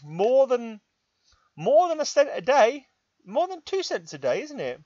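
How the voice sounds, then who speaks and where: A man's voice: very high-pitched, huge pitch swings, measured pace, darkish tone, no room sound, muffled recording. A middle-aged English man with an English accent, rambling in a casual vlog, tired and self-mocking, talking to his laptop in his room. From England. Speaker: vlogger. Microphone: laptop microphone.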